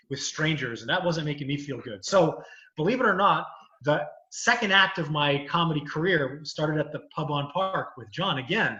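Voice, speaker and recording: A man talks casually about his comedy career in a rambling, storytelling way, filling gaps with "you know." His voice sits a bit high and sounds bright. The audio is dull and echoey, like a video call from a bare room. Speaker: comedian and lawyer. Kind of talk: casual chat.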